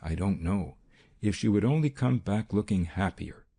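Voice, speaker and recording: A man with a gravelly voice voicing an anxious, distraught young woman who pleads in a hoarse whisper. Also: on the low side, expressive, normal speed, warm tone, full character voice. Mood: anxious pleading.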